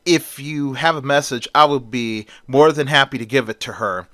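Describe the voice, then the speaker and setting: A man's voice: mid-range voice, moderate pace, a bit bright, dry recording, natural voice. A man doing a curt, irritated theater man. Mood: angry.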